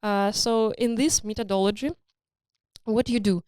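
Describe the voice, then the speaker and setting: Smooth-voiced woman founder, hesitant storytelling. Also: mid-range voice, normal speed, no room sound, studio quality. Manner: hesitant, many fillers and restarts, animated storytelling. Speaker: startup founder and CEO. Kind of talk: casual interview conversation.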